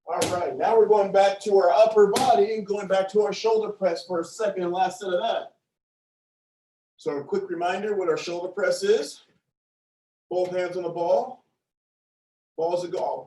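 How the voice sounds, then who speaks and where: A man's voice: high-pitched, a little mellow, echoey room, far from the mic, slight background noise, rough recording. A man leading a seated exercise class, counting reps aloud and cheering participants on in a playful, encouraging way. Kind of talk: upbeat class instruction with counting.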